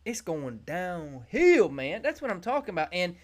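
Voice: medium pitch, sing-song, moderate pace. A podcast host giving a solo business monologue. The host jokes, rambles, and breaks into sudden whoops while talking straight to the listener in a salesy way.

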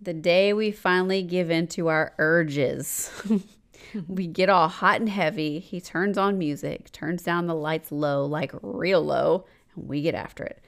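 A woman in her forties co-hosting a casual podcast, reading a listener letter aloud with dramatic pauses and frequent laughter. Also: fairly low pitch, smooth. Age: 40s. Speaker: podcast co-host.

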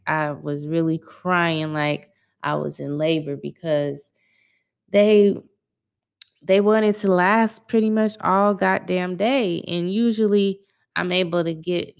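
A woman's voice: lowish voice, creaky, clear, resonant tone. A young adult woman hosting her own podcast, chatting casually in a laid-back, slangy way. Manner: laid-back, conversational, loose slangy phrasing. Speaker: podcast host. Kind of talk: casual solo podcast chat.

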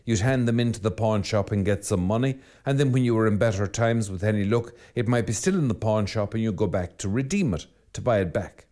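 A priest giving a reflective sermon that drifts into storytelling. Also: male voice, lowish voice, a little fast, few pauses, warm tone. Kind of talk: spoken sermon.

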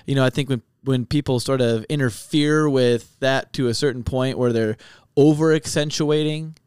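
A man's voice: mid-range voice, fairly even intonation, normal speed, darkish tone, clean tone, no echo, clean studio sound. A young man co-hosting a podcast, chatting casually and thinking aloud with lots of fillers. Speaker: podcast co-host.

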